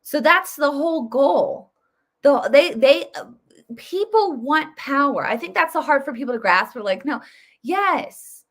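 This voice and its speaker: A woman in her thirties hosts a political vlog, speaking in a high, animated voice with a fairly bright tone at a measured pace. She talks casually and emphatically, with many fillers and false starts.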